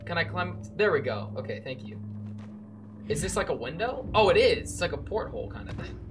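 An excitable let's-play gamer talking through a horror game, with a voice that swings widely up and down. They chat casually with the characters on screen and break into sudden yells, over a clear backing beat. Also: mid-range voice, moderate pace, pauses often. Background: background music beat.

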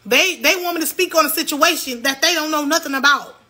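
A young woman vents to her livestream viewers in a heated, loud, profane rant. Her voice sits high and sounds bright and sharp. She repeats herself again and again as she pushes her point. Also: quick pace.

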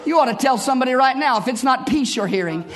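A man preaching a sermon in church as pastor, building from measured storytelling into impassioned, shouted bursts. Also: extremely high pitch, expressive, crowd noise.

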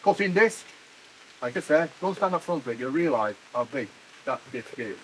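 Animated older tour guide man. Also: fairly high pitch, normal speed, a little hiss or hum, poor audio. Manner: animated storyteller, laughs at himself. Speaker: museum guide and former miner. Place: indoor mining museum.

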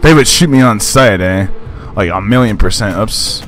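A young man with a deep voice giving rambling, self-conscious commentary as he plays a horror game. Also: normal speed, fairly bright tone, faint music behind. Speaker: gaming YouTuber. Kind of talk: casual let's-play commentary.

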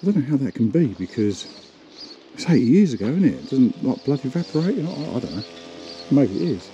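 A man's voice: mid-range voice, big pitch swings, quick pace, warm tone, muffled recording, slight background noise. A man chatting casually to camera as a travel vlogger, rambling and self-deprecating. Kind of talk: casual vlog narration.

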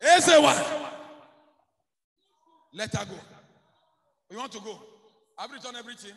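A man with a Nigerian accent, a pastor leading a deliverance prayer session with repeated shouted commands. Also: high voice, fast, gravelly, a little hiss or hum. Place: church service. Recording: roomy church hall with faint music.

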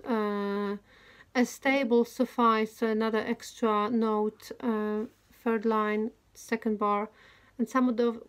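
A woman leading a singing lesson. She counts in the beats, sings phrases slowly and explains notes quickly between them. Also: a little high. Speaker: singing teacher. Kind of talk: choir rehearsal, counting in and singing. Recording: loud guitar accompaniment.

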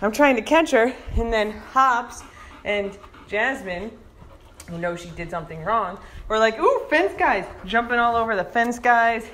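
A woman vlogging outdoors, telling a lively story and chatting to her dogs. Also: fairly high pitch, measured pace, a little hiss or hum. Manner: animated storytelling, playful asides to her dogs. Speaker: vlogger and dog owner. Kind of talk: casual storytelling to camera and dogs. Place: outdoors by the ocean.

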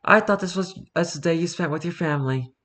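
A man voicing a composed Mother Superior, an older woman who asks questions gently in a read-aloud joke. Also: fairly high pitch, quick pace. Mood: gentle.

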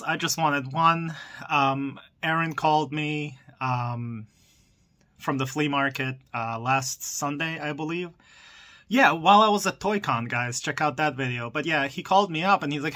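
Young guy unboxing toys at home, giddy n breathless, bright kinda high voice. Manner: giddy, breathless, stammering, laughs often. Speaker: toy collector vlogger. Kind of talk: excited unboxing vlog. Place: room in a house.

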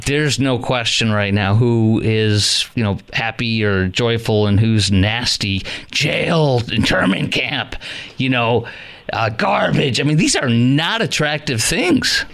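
Male call-in radio host, smooth studio voice, warm "brother" rapport with callers. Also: medium pitch, lively intonation, slow pace. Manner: friendly, calls callers brother. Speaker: radio talk show host.

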